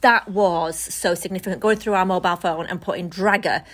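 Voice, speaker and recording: Woman chatting on a podcast, animated, laughs a lot, tells stories. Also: fairly low pitch, fairly quick. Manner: animated storyteller, laughs often. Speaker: co-host. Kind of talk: casual podcast chat.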